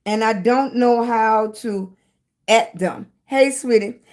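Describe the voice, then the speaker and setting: A woman's voice: a little high, takes it slowly, darkish tone. A middle-aged woman hosting a casual live stream, chatting with viewers and greeting them with pet names like baby and sweetie. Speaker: livestream host.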